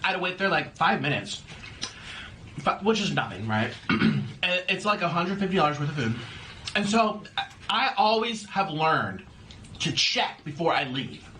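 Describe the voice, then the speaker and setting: A man talking casually to camera as a YouTuber, animated and playful, slipping into silly rhymes and sing-song repeats. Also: fairly high pitch, moderate pace, slight background noise.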